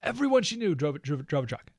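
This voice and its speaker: A man's voice: a little high, fast, no room sound, clean studio sound. Sarcastic talk radio host, man. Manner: animated and sarcastic, mocking voices. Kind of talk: opinionated talk radio monologue.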